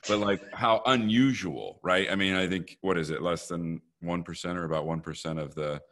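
A man's voice: low voice, moderate pace, fairly bright tone. A young man interviewing in casual conversation, rambling, laughing often and hedging with "like".

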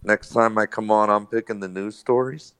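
New man, guest on podcast, low deep voice, blunt and matter-of-fact. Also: fairly even intonation, normal speed, fairly bright tone, clean tone. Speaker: guest comedian. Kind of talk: casual podcast chat.

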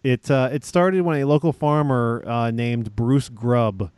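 A man hosting a casual podcast, reading out odd news stories with frequent pauses. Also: medium pitch, fairly even intonation, a little mellow, clean tone, no echo, studio quality. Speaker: news-story host.

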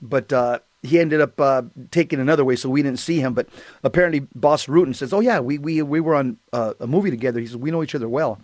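A man in casual chat who clears his throat often and fills pauses while recounting an encounter. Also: medium pitch, a little mellow, no room sound. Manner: conversational, frequent throat clearing and fillers. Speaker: co-host.

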